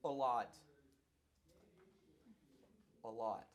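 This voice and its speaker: A middle-aged man, a pastor, answering audience questions in a lively, playful way that keeps circling back on its points. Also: medium pitch, drawn-out words. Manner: animated preacher, playful, repeats himself.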